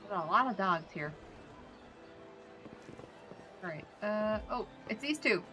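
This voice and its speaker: A woman's voice: medium pitch, lively intonation, moderate pace, pushed and bright, faint music behind. A woman with an Irish accent casually commenting on her gameplay as a streamer, swearing freely and poking fun at herself. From Ireland. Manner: swears freely, self-mocking.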